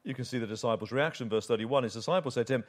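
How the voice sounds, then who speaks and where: A man's voice: mid-range voice, racing. A man preaching a sermon through a Bible passage, telling it as a vivid story with rhetorical questions. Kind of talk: expository sermon.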